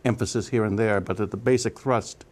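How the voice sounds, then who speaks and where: A man's voice: fairly low pitch, fairly even intonation, a little fast, darkish tone. A man hosting a policy interview, asking long questions and often adding short agreeing sounds. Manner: frequent brief backchannel agreement. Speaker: interview host.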